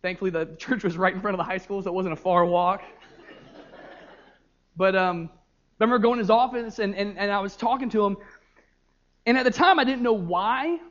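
A young man, a youth pastor, preaching a sermon and telling stories with lively energy, often repeating words as he goes. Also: high-pitched, fairly quick, long pauses, lo-fi sound. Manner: animated storytelling with frequent repeated words.

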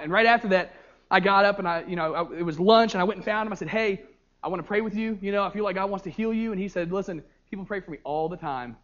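High-voiced young man preaching a sermon. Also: muffled recording. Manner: animated storytelling with frequent repeated words. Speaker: youth pastor.

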